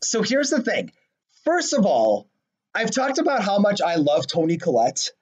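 A podcast co-host with a notably high-pitched voice and a breathy edge chats casually about his favorite movies at a moderate pace. Relaxed, he gushes, makes fun of himself, and bursts into laughter often.

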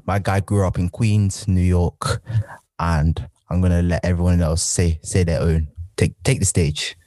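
Deep husky-voiced young British man. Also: mellow, no room sound. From Britain. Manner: playful, boastful, repeats words like "listen". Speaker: podcast host. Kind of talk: casual group chat.

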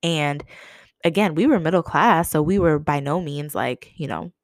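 Low-voiced woman telling a story casually. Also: normal speed, no room sound. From Massachusetts, USA. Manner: animated, laughing, quoting herself in a higher voice.

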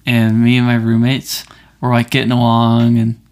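A man's voice: mid-range voice, completely flat delivery, moderate pace, a little mellow. A man in his twenties co-hosting a casual podcast, telling stories in a playful, joking way. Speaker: podcast co-host. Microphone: studio microphone.

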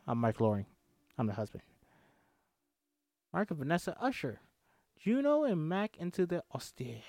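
A comedy podcast host reads a screenplay aloud, breaking off for irreverent asides full of swearing. His voice is a little high with a dark tone, and there's no echo.

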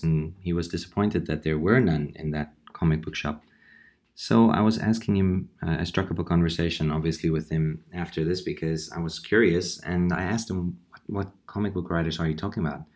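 A man hosting a horror comics podcast, telling stories in an unhurried, reflective way. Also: very deep voice, darkish tone. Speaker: podcast host.

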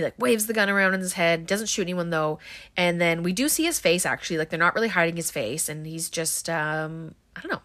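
A woman's voice: fairly low pitch, sharp tone. A woman casually recapping a film scene by scene, chatty and full of likes and ums. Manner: chatty, filler-heavy retelling with frequent likes and ums.

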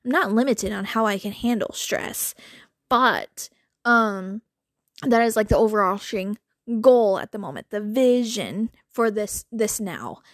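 A woman hosting a podcast, talking in a chatty, animated way with lots of filler words and little laughs. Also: mid-range voice, a little slow, no echo, studio quality. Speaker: podcast host. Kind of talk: casual monologue.

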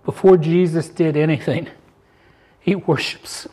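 An older male pastor with a fairly high voice delivers a sermon to his congregation. He swings from loud, climbing emphasis down to soft, thoughtful musing as he reads and explains scripture. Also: fairly even intonation, unhurried.

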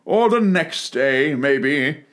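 A man voicing a stubborn male footman who speaks slowly, solemnly and deadpan in a storybook reading. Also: on the high side.

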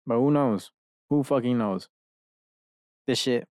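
A man's voice: mid-range voice, slow pace, a little mellow, no room sound, clean studio sound. A man hosting a podcast alone in his bedroom, rambling from one idea to the next with lots of profanity and self-mocking asides. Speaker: podcast host. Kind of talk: rambling solo rant.

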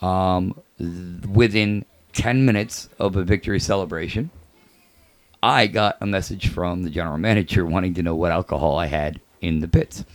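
Guest: race car driver, man, deep and dry, measured delivery. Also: no echo. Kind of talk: casual podcast chat.

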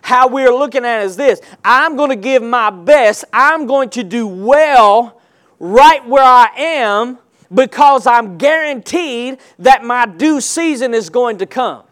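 A man preaching a sermon, calling on the congregation to answer back and stressing points with slow, emphatic delivery. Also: very high-pitched, lively intonation, smooth. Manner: call-and-response preaching, rising to emphatic shouts.

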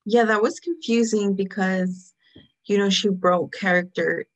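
A woman's voice: mid-range voice, fairly even intonation, unhurried. A woman co-hosting a casual chat, chiming in with thoughtful theories about a show. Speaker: podcast co-host.

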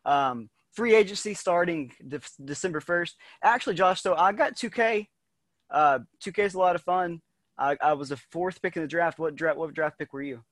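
A man co-hosting a casual sports podcast, quick to react and fond of jokes. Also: fairly high pitch, no echo. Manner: animated, jokey, quick reactions. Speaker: podcast co-host.

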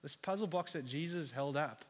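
A man's voice: fairly high pitch, moderate pace. Candid male pastor preaching in a reverberant hall. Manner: candid and confessional, with frequent restarts and rhetorical questions. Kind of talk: sermon.

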